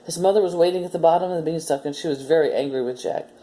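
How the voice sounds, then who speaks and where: Female story time host for kids; low, mellow voice, gentle and patient. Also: rapid-fire. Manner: gentle, explaining step by step. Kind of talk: reading a story aloud to children, then a simple demo.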